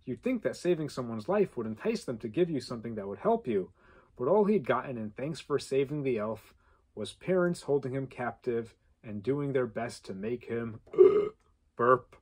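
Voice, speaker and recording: A man reading a contest story aloud with animated delivery and playful asides. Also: medium pitch, moderate pace, husky. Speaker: contest entry reader.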